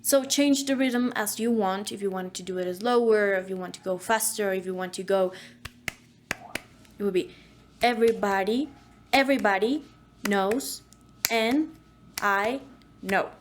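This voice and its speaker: A woman's voice: mid-range voice, normal speed, slight background noise. A woman teaching an online voice acting course, speaking in an instructive way and demonstrating diction drills.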